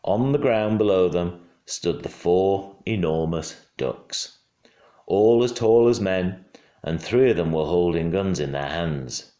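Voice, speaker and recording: A father reading a storybook aloud at home, expressive and hushed in quiet moments. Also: deep voice, takes it slowly. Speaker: father reading to his child. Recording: roomy home room.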